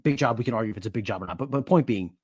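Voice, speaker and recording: Steady analytical man on a podcast. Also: medium pitch, very fast, breathy edge, no room sound. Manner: steady, analytical, stats-heavy explaining. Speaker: podcast co-host. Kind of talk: casual sports podcast analysis.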